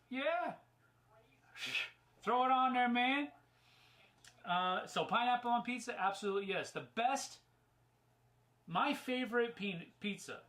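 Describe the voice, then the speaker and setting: A man's voice: high voice, sharp tone, low-quality recording. A man hosting a casual live Q&A, rambling through viewer questions with lots of fillers and restarts, and getting emphatic on fun topics. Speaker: host answering viewer questions.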